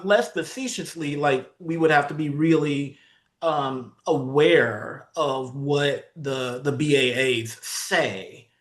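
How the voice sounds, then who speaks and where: A man chairing a committee meeting, speaking in a measured, hesitant way with dry humor. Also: fairly high pitch. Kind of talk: meeting discussion.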